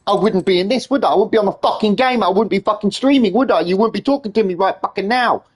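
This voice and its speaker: A man's voice: high-pitched, fast. A man ranting and swearing nonstop as he streams a game. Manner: exasperated ranting, heavy swearing. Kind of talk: livestream gaming commentary.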